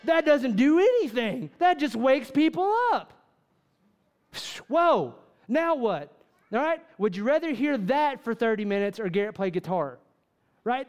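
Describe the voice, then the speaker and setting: A man's voice: extremely high pitch, darkish tone. A man preaching a fervent sermon to a church congregation, full of rhetorical questions and repeated "right?" asides. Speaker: pastor.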